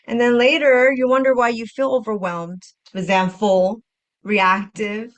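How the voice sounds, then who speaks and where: A woman hosting a self-help podcast, speaking gently and reflectively, repeating phrases and acting out inner voices with sighs. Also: fairly high pitch, level tone, unhurried, muffled recording. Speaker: podcast host and healing coach.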